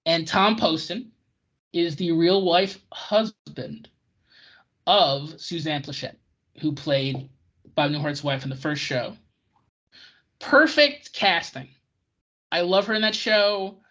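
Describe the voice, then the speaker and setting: A podcast co-host in casual chat about old television, ranting in an excitable way. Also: mid-range voice, slow pace. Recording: dull lo-fi recording.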